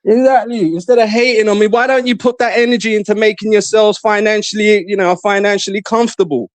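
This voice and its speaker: A man's voice: high-pitched, steady tone, fast, no echo. A man trash-talking and taunting his haters in casual stream chat. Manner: repeats himself, mocking. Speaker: live stream guest.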